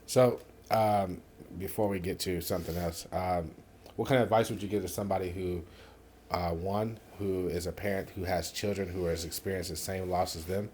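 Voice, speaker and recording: Casting note: man with a very deep voice, podcast host, loose rambling questions, faint hiss. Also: steady tone, a little mellow. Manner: measured, rambling questions with fillers. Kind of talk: interview questions. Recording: faint background noise.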